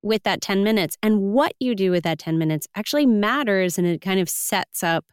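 A woman's voice: mid-range voice, lively intonation, normal speed, smooth, dry recording, studio quality. A woman hosting an interview podcast, affirming and enthusiastic toward her guest. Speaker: podcast host. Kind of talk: conversational interview.

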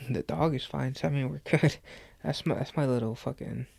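A man's voice: mid-range voice, brisk, vocal fry, a little mellow, husky, dry recording. A young man hosting a podcast, reacting with laid-back, profane banter in casual chat. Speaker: podcast host.

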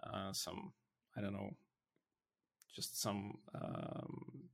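Low, gravelly, hesitant man. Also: wildly swooping pitch, extremely slow. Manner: hesitant, many fillers, non-native phrasing. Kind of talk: casual chat.

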